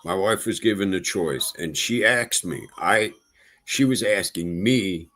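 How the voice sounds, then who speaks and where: Exasperated low-voiced man venting. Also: unhurried, pushed and bright. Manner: exasperated, repeats himself for emphasis. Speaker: livestream host. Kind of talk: casual livestream monologue.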